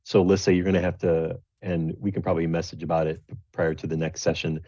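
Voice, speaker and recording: Role: game master. Sex: man. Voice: deep and husky. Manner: rambling, filler-heavy. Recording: dry. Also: monotone, fast talker, dark tone, dry recording, lo-fi sound. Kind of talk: narrating a tabletop game.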